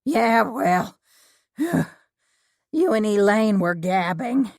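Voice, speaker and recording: A woman's voice: mid-range voice, animated, very slow, no room sound, clean studio sound, pitched above the performer's own voice. A woman doing a breathless little old granny. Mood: breathless, teasing. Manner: folksy, out of breath. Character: small spry elderly grandmother, chatty.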